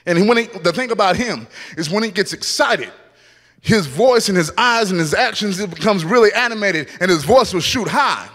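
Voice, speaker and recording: A man giving an animated testimony as a guest speaker at a church, acting out scenes from his story. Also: sits high, normal speed. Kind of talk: testimony sermon. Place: church hall. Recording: long reverb of a church hall.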